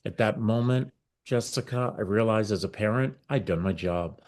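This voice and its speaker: A middle-aged man, a guest on an interview podcast, telling his story with lively acted-out dialogue. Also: on the low side, moderate pace. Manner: animated storyteller acting out quoted dialogue. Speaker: guest, nonprofit founder.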